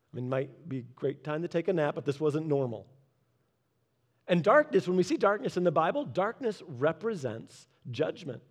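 A man preaching a sermon in a conversational way, adding humorous asides and dropping quiet and slow for the solemn points. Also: on the high side. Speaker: pastor.

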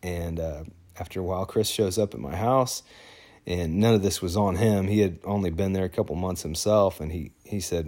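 A man's voice: deep voice, a little fast, dark tone. A man casually telling a personal story, talking loosely with fillers and restarts.

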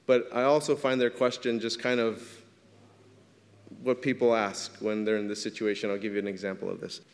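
A man's voice: on the low side, little pitch movement, moderate pace. A man preaching a sermon in a casual, conversational way, often checking in with his listeners. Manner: conversational preaching, frequent "right?" asides. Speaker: pastor. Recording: long reverb of a large hall.

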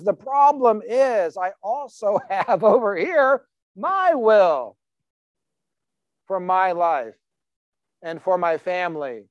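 A man's voice: high voice, no echo, muffled recording. Emphatic, conversational male pastor. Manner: conversational, emphatic with rhetorical questions. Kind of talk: sermon.

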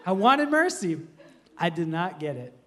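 A man's voice: high-pitched, big pitch swings, a little slow. A young man from Minnesota preaching a sermon, telling humorous stories and laughing through them. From Minnesota, USA. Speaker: pastor. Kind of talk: storytelling sermon.

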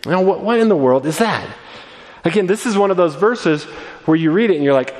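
Pastor, male, higher-pitched voice, preaching earnestly to a congregation; long room reverb. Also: fairly quick. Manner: earnest, animated preaching with frequent restarts. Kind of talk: sermon.

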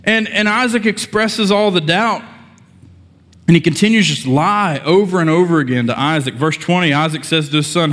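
A pastor preaching to his congregation. He keeps it conversational and breaks in with joking asides. His voice sits somewhat high for a man, and it rings out with the long reverb of a church hall. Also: moderate pace, a bit bright. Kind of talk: sermon.

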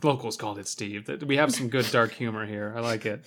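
A man's voice: mid-range voice, fairly quick, a bit bright. A man co-hosting a podcast, reading a horror story aloud and breaking off for chatty, laughing asides. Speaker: podcast co-host. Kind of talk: casual reading and banter on a podcast.

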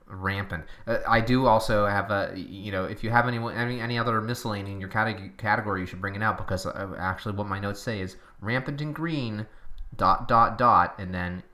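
A man co-hosting a casual cycling podcast, talking in halting bursts with frequent restarts and laughs. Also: lowish voice, bright, forceful tone. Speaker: podcast co-host.

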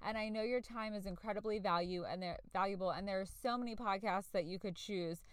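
A woman in her forties hosts her own podcast, chatting away in an earnest, talkative manner. Her voice is smooth and clear. The recording is dry, with a close microphone. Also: mid-range voice, brisk, dry recording. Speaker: podcast host. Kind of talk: casual solo podcast talk.

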